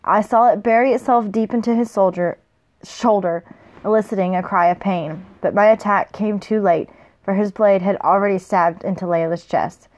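A woman's voice: medium pitch, fairly even intonation, normal speed, a little mellow. A woman reading a novel aloud casually, with small slips and corrections. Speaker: reader.

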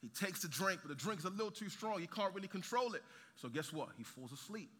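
A man from Nigeria preaching a sermon, telling a story with animated, joking asides to the congregation. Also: high voice, quick pace. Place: large church hall. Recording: reverberant hall.

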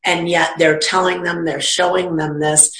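A woman's voice: lowish voice, normal speed, roomy sound, poor audio. A woman who works as a psychic medium and teacher, telling stories in casual conversation and acting out the voices she quotes. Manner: animated, acts out quoted voices.

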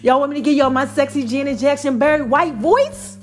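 A woman's voice: high voice, fairly quick, hardly any pauses, faint music behind. A woman giving a playful, casual motivational talk to her viewers, laughing and acting out little voices. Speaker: vlogger.

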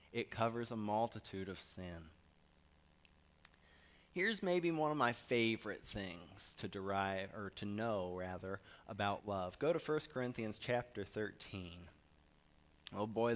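A man preaching a sermon, reading scripture with emphasis and swinging from soft asides to loud lines. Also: lowish voice.

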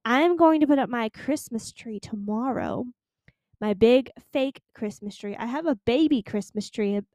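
A woman in her twenties from Florida, hosting a casual solo podcast, chatty and emphatic, slowing down to stress her points. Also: on the high side, a little mellow, no room sound, studio quality. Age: 20s. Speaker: podcast host.

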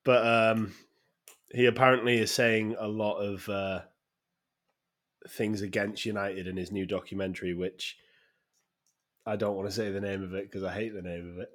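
A man's voice: lowish voice, flat delivery, normal speed, long pauses, a bit bright. A man co-hosting a casual football podcast, giving blunt, exasperated opinions. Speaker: podcast co-host.

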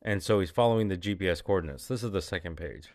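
A man's voice: sits low, fast talker, a little mellow, no room sound. A man talking casually about short films he is writing, rambling and laughing often. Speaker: filmmaker describing his short films. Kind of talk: casual vlog.

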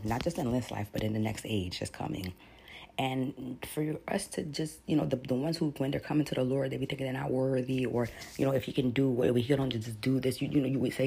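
A man's voice: mid-range voice, vocal fry, darkish tone, a little hiss or hum. A man teaching on a podcast in a casual, rambling way, often repeating words and reading passages aloud.

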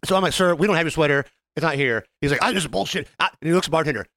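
His voice is a little high and rapid-fire, captured without echo. As a co-host on a laid-back podcast, he spins lively stories, impersonates the customers in them, and curses liberally.

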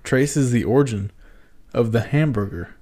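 A man's voice: medium pitch, moderate pace, dark tone. A man co-hosting a casual chat, dry and wry, reading facts off a screen.

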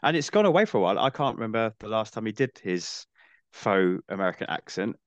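A man guesting on a casual film-review podcast, talking in a thoughtful, measured way. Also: fairly low pitch, big pitch swings, no room sound, dull audio.

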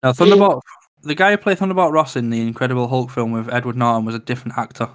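A man co-hosting a casual podcast chat, talking quickly and insisting on his facts. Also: medium pitch, dry recording.

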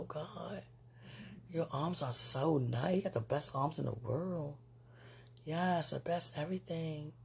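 A woman with a low, gravelly, husky and slightly mellow voice hosts a spiritual podcast, addressing a loved one. She gushes and giggles, rambling along with lots of "you know"s.

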